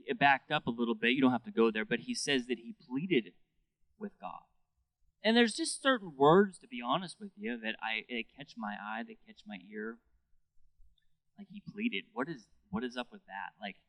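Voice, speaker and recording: A man's voice: mid-range voice, a bit bright, no echo, poor audio. A male pastor preaching a sermon in a conversational, earnest way, often repeating words as he goes.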